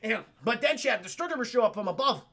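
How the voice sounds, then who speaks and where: A man streaming live, recapping a film to his chat in a casual, profane, animated way. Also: very high-pitched, fast. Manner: profane, animated, laughs often.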